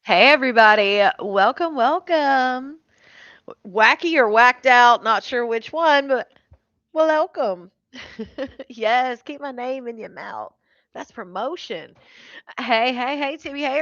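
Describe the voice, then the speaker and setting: A woman's voice: high voice, unhurried, a bit bright, dry recording, dull audio. A woman hosting a casual live stream, greeting viewers by name and laughing often.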